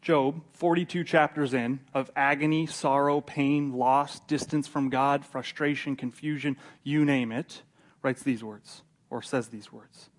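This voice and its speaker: A male pastor preaching a sermon, telling the story with lively character voices and swings from loud to hushed. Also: mid-range voice, a little slow.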